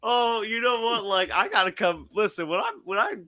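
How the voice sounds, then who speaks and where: A man chatting casually as a guest, animated and often stammering over his restarts. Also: sits high, normal speed, slight background noise. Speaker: guest, streamer and school counselor. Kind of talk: casual chat.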